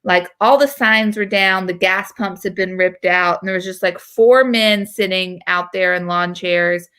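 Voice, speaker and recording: A woman in her thirties from North Carolina, hosting and telling a story in casual chat, animated and full of fillers. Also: on the low side, unhurried, clean tone. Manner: animated, chatty, with frequent fillers. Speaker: host.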